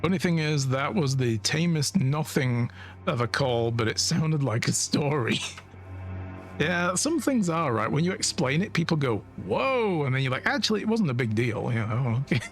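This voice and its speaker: A man's voice: fairly high pitch, big pitch swings, normal speed, faint music behind. A man streaming a video game, chatting casually and thinking aloud with frequent laughs. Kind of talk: casual let's-play commentary.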